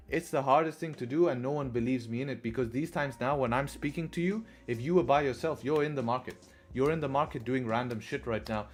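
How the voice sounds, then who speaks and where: A man's voice: medium pitch, fast, soft background music. Casual man hosting a trading stream. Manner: conversational, keeps adding "right?", profane asides. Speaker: trading livestream host. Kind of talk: casual live-stream commentary.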